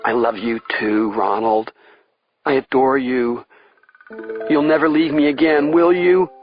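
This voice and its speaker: A man's voice: medium pitch, a little slow, lo-fi sound, faint music behind, lightly acted. A man voicing an unhinged male kidnapper who screeches in a needy, clingy way. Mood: gushing. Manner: screeching, needy, then mocking whisper.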